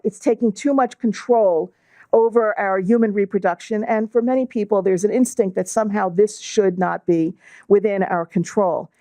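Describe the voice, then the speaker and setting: A middle-aged woman with a New York accent giving a measured, explanatory lecture as a guest speaker, using fillers now and then. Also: fairly high pitch, mellow, no room sound. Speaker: guest speaker, law and bioethics professor. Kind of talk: lecture to a club audience.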